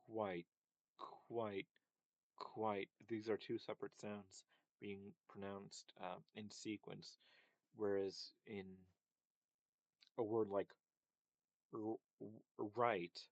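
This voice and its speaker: A man's voice: on the low side, no room sound, muffled recording. A man giving a casual, hesitant lecture on linguistics, full of fillers and repeated sound demonstrations. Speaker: linguistics presenter.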